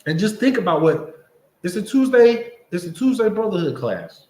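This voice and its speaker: This man's voice sits high and has a darkish tone, with a sing-song lilt at an ordinary speed. He leads a Bible class in a relaxed, conversational preaching style, repeatedly asking "you understand?" The recording carries a roomy echo.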